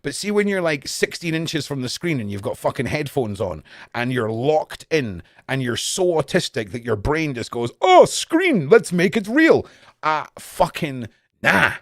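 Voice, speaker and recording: A young man chatting casually and profanely on a live stream, jumping between loud outbursts and low mutters. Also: expressive, moderate pace, no echo, studio quality. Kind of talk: casual rambling stream chat.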